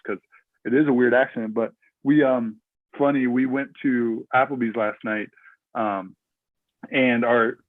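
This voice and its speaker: A man's voice: mid-range voice, steady tone, a little slow, long pauses. A man from Minnesota talks casually as a podcast guest, rambling and full of fillers and restarts. His voice comes through a thin, tinny remote line. The sound is dry, with no room echo. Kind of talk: casual interview chat.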